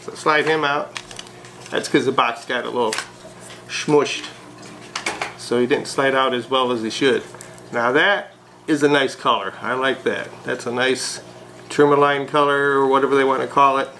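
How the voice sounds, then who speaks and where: A man vlogging a casual unboxing of a fountain pen, chatty and relaxed with frequent hesitations. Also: mid-range voice, moderate pace, background noise.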